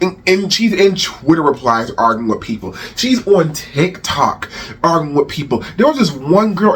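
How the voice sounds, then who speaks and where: A man's voice: high-pitched, slight background noise. A man hosting a rant channel, delivering heated celebrity commentary with profanity and repeated phrases.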